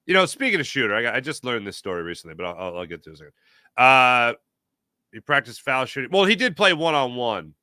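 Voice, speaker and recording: A man talking sports on his own show, his voice bright and forceful with a lively, swinging pitch. He speaks emphatically, tells stories with quick asides and answers live chat. The sound is close and dry. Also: no echo. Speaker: sports talk show host. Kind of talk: casual sports talk, reading live chat.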